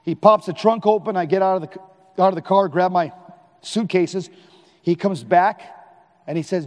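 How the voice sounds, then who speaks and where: Male lay preacher, high-pitched, emphatic and animated, recorded in a reverberant hall. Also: normal speed, pauses often. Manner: animated, emphatic, at times shouting. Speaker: Catholic lay speaker. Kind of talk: live preaching talk.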